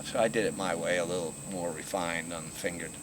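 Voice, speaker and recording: A man's voice: deep voice, fast. Older man, laid-back profane storyteller. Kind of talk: casual storytelling. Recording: noisy outdoor recording with crickets.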